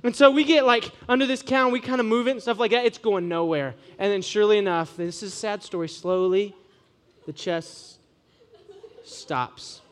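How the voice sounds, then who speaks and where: A young man from Ohio, preaching to students in a casual, joking sermon full of animated storytelling. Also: sits high, moderate pace, clean tone. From Ohio, USA.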